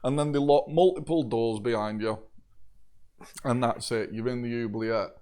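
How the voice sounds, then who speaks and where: A man's voice: mid-range voice, fairly even intonation, moderate pace, warm tone, clear, resonant tone. A man narrating as game master of a tabletop game, often laughing as he talks.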